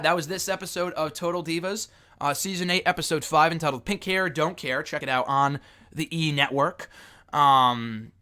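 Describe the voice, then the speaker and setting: A young man runs through a wrestling reality show episode in a loose solo review, swearing freely and dropping sarcastic asides. His voice sits a little high and comes across bright and forceful. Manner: blunt, profane, sarcastic. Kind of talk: casual solo review monologue.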